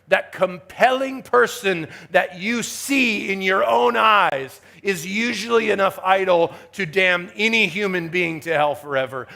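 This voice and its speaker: A man delivers a chapel sermon in a high, gravelly voice. He preaches emphatically, dropping to hushed asides and building to rising exhortation. His voice keeps a rough, creaky texture throughout. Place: university chapel.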